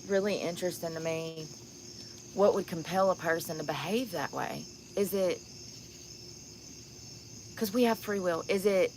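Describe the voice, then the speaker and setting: A tired, sunburnt woman with a deep voice vlogs outside at night, sharing stories in a blunt, candid way and laughing frequently. There is slight background noise in this casual storytelling vlog.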